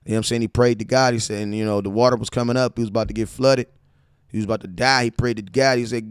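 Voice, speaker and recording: A man hosting a casual sports fan show, talking in an animated, slangy way with stories and asides. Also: mid-range voice, racing, clean tone, no echo, clean studio sound. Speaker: sports podcast host.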